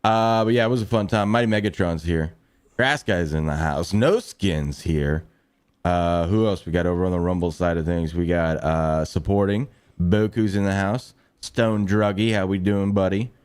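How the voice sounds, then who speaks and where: A man's voice: deep voice, fairly even intonation, a little mellow, clean tone. A man hosting a live sports talk show, telling trip stories with laughs and greeting viewers. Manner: laughing, storytelling, quick asides. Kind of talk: casual sports chat.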